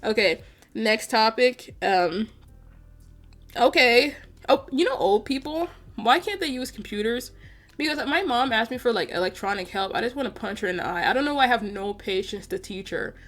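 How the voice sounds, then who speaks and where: A woman's voice: on the high side, lively intonation, moderate pace, soft background music. A young woman vlogging in loose, rambling chat. She talks to viewers as if to a friend, piling up filler words and sounding exasperated. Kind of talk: casual chat over gameplay.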